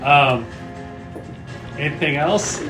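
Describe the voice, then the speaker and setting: A man's voice: fairly high pitch, slow. A man running a tabletop game as game master, describing the scene loosely with lots of fillers and frequent laughs. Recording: echoey room with music behind.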